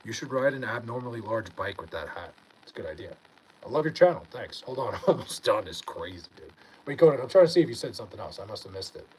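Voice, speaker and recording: A man's voice: mid-range voice, big pitch swings, fast, darkish tone, a little hiss or hum, low-quality recording. Laid-back young man, chatting on a stream. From Long Island, New York. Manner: laid-back, reads comments aloud, swears, says dude often. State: high. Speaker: livestreamer reading chat. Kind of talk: casual livestream chat.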